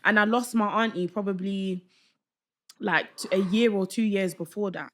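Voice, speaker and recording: A young woman, a podcast guest telling a story in casual chat, animated and slangy, acting out the voices of people she quotes. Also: mid-range voice, normal speed, slight background noise. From London.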